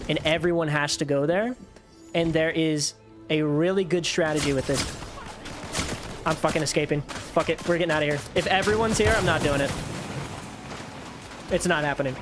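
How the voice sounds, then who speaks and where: Chatting with viewers as he streams a video game, a young man swears and yells excitedly whenever things get tense. His voice sits on the high side.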